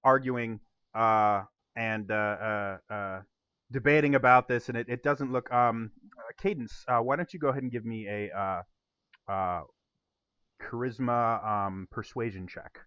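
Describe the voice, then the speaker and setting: A man's voice: medium pitch, fairly even intonation, unhurried, fairly bright tone, clear, resonant tone, dry recording, muffled recording. A young man narrating a tabletop game as game master, with a rambling delivery full of fillers.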